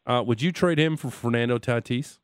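A man hosting a sports radio show, asking his guest short, relaxed questions. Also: mid-range voice, a little fast, smooth, no room sound, clean studio sound. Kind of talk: casual sports radio chat.

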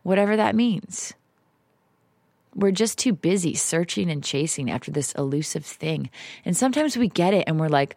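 A woman with a lowish voice records an unscripted solo podcast at home, talking in a raw, confessional way. She mocks herself and swears now and then. The sound is dry and close, with no room around it. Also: animated, normal speed, darkish tone, no room sound. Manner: confessional, emotional, swearing, self-mocking. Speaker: podcast host. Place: house in the woods, alone. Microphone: home setup, popping p's.

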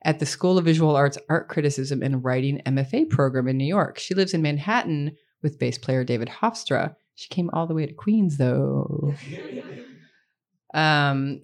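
Woman host at a live book reading, playful and self-deprecating, a fairly low voice. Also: moderate pace. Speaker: event host introducing an author. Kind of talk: live bookstore introduction with banter. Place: bookstore reading event.

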